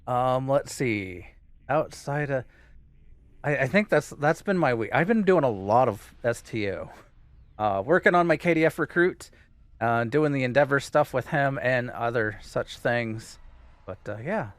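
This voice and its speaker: A man's voice: medium pitch, animated, measured pace, dry recording. A man co-hosting a casual gaming podcast, rambling and hesitant as he chats. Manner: rambling, hesitant, many fillers and restarts. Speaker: co-host.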